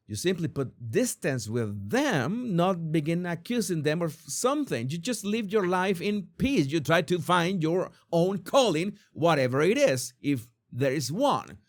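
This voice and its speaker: A man doing reaction commentary, fired up and quick to swear, tripping over his words as he goes. His voice sits a little high for a man and swings widely up and down. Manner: excitable, swears, repeats words. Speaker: entertainment commentary host.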